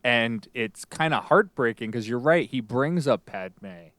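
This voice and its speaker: A man hosting a podcast in casual chat, relaxed and chuckling as he retells scenes. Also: mid-range voice, measured pace, no echo. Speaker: podcast host.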